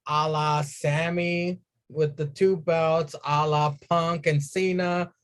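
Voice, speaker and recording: A man co-hosting a casual wrestling podcast, swearing freely and acting out his own excited reactions. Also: a little high, takes it slowly, clean tone. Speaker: podcast co-host.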